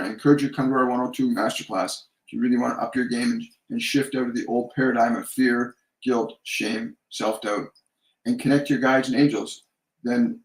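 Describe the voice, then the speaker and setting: A man hosting a live medium Q&A, relaying messages and leading slow guided breathing in a gentle, repetitive way. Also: mid-range voice. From Canada. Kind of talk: live-stream channeling Q&A. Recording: echoey room.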